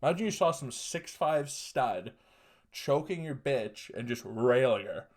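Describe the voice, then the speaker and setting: A man's voice: mid-range voice, expressive, measured pace. A young man hosting a solo podcast, telling a story casually, swearing constantly and laughing mid-sentence. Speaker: podcast host.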